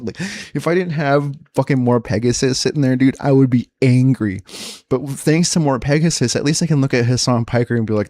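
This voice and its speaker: A streamer rambling fast and profanely in casual chat. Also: male voice, medium pitch, a little mellow, no room sound, studio quality.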